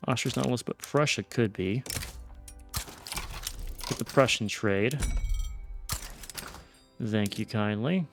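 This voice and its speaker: A man with a gravelly, fry-edged voice talks through his moves in a relaxed, thinking-aloud way. He trails off and restarts mid-sentence as he plans. Faint music and keyboard typing sit behind him. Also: medium pitch, takes it slowly, pauses often. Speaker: gameplay streamer. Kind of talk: casual let's-play commentary.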